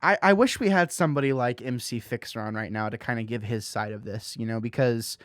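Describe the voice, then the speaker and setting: A man hosting a casual podcast, talking in an animated way with lots of "you know" fillers. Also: medium pitch, brisk, no room sound, clean studio sound. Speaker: podcast host.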